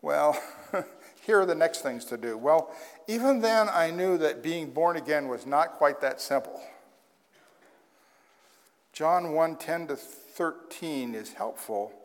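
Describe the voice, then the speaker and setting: A man's voice: on the high side, expressive, slow pace, long pauses. A man preaching a sermon as pastor in a conversational way, with wry asides. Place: church sanctuary. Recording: long hall reverb.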